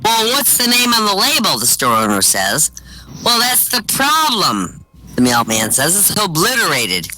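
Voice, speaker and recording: A man doing stand-up, telling one-liners and short jokes with deadpan punchlines over voice chat. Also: high voice, moderate pace, a little hiss or hum, poor audio. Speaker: stand-up comic. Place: virtual-world comedy venue, voice chat.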